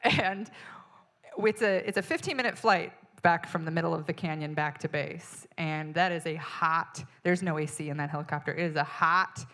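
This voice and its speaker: Lady comic on stage, kinda low voice, tells her story all animated and fed up. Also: normal speed. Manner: animated and exasperated, acting out quoted people. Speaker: stand-up comedian. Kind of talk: stand-up storytelling. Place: stage in front of an audience.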